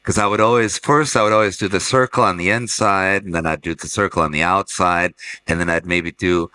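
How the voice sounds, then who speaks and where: A middle-aged man, a gallerist and fair director, speaks briskly in a low-pitched, fairly even voice that sounds pushed and bright on a rough recording. During a casual panel talk he tells rambling anecdotes, restarting his sentences often.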